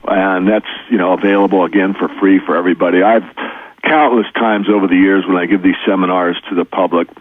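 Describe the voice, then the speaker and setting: Over a tinny phone line, a male precious metals educator speaks as an interview guest in a casual, earnest, folksy manner, going over his practical points more than once. His voice is deep, husky and steady in tone, and he talks fairly quickly.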